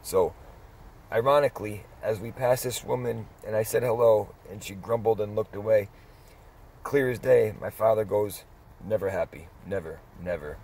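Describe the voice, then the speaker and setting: Middle-aged man, low voice, casual storyteller who rambles with pauses and restarts. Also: fairly even intonation, vocal fry, darkish tone, husky. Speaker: dog vlogger.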